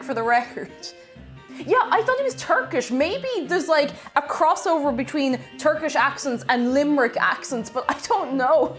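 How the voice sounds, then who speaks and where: A woman's voice: high-pitched, lively intonation, normal speed, soft background music. A woman chatting casually on a cooking live stream, reading chat aloud and laughing often.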